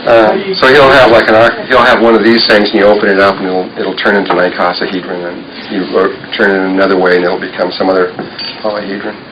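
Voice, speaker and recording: A man's voice: low voice, flat delivery, fast, crowd noise, rough recording. Rambling man giving a lecture. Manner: rambling, gestures at drawings while explaining. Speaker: workshop speaker. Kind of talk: lecture talk.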